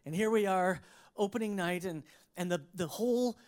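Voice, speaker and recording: A preacher giving a sermon, telling a personal story in an expressive way, laughing along and often restarting sentences. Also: medium pitch, normal speed.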